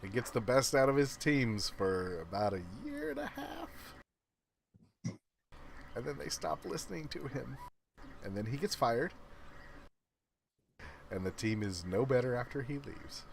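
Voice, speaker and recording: A man's voice: medium pitch, wildly swooping pitch, measured pace, creaky, pauses often, slight background noise. A man co-hosting a live stream who gives blunt, matter-of-fact takes on the hockey game. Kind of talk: casual hockey watch-along chat.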